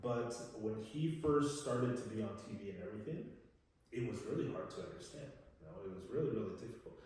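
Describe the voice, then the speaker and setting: A man's voice: fairly low pitch, animated, fast talker, a little mellow, slight background noise. Male English teacher, casual chatty lesson, lots of "you know", echoey room with long reverb, mic a bit far off. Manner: chatty, tag questions, many fillers and restarts.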